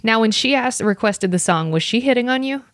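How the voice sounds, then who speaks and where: Lively, playful female podcast host. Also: on the high side, a little fast, no room sound, clean studio sound. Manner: playful, swearing, laughing reactions. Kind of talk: casual interview chat.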